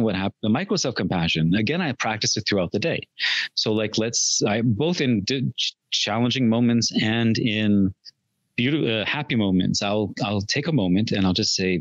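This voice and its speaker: A man's voice: lowish voice, fairly bright tone, no room sound, highs cut off. A man talking as a podcast guest in casual interview chat, earnest and reflective, laughing at his own slips.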